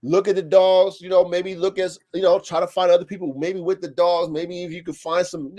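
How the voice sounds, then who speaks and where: A man in his thirties hosting a casual podcast chat, animated and slangy, with blunt profanity and acted-out customer quotes. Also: high voice. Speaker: podcast host. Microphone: live-stream call setup.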